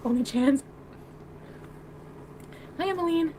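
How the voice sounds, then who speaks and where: A woman's voice: sits high, slow pace, noisy background. A woman livestreamer chatting casually with her viewers, crude, giggly and defensive.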